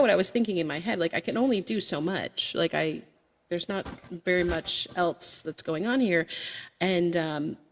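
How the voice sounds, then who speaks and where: A woman who streams karaoke, talking frankly and chattily as a podcast guest, with sassy asides. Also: fairly low pitch. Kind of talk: casual podcast chat. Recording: long reverb.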